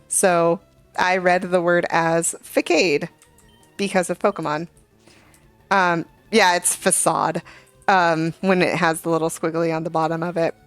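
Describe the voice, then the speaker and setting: A woman's voice: lowish voice, little pitch movement, moderate pace, clear, resonant tone, no echo. A young adult woman streaming a game, chatting casually and telling a rambling story full of fillers and asides. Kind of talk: casual gaming chat. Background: faint game music.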